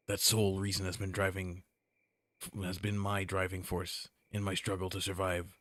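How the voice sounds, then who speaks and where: A man's voice: sits low, monotone, moderate pace, fairly bright tone, no echo. A man streaming a horror visual novel, reading it aloud with playful joking asides. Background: game music.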